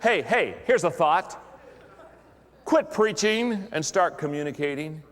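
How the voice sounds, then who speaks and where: In a large hall with long reverb, a middle-aged man speaks to pastors in a highish, animated voice, taking his time. His motivational leadership talk is humorous, packed with jokes and playful impressions of other voices.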